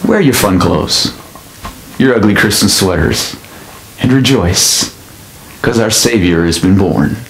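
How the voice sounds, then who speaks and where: A man's voice: fairly low pitch, takes it slowly, long pauses. Man preaching in an echoey church. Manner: storytelling, conversational and lively. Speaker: pastor. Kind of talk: sermon. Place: church sanctuary. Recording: echoey church hall with faint noise.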